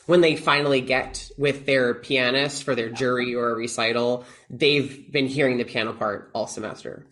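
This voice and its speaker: A man's voice: mid-range voice, normal speed, few pauses. A man who teaches oboe, a guest in a casual podcast interview, talking animatedly, quoting what he tells his students, with frequent restarts. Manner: animated, quotes himself to students, many restarts.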